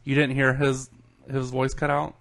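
A man with a Southern US accent, hosting a casual chat show in a wry, relaxed way. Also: mid-range voice, normal speed, gravelly. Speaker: podcast host.

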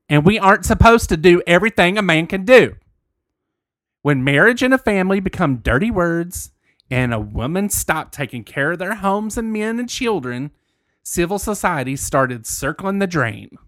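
A man's voice: sits high, animated, normal speed, a bit bright, dry recording, studio quality. A man reading out an angry right-wing woman's post in a put-on country voice, crude and furious. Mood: angry rant.

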